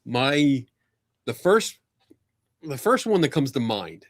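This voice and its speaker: A man hosting a podcast, telling a casual anecdote, animated and laughing often, acting out other people's lines. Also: mid-range voice, takes it slowly, dry recording, studio quality. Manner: animated storyteller, laughs often, acts out quotes. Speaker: podcast host.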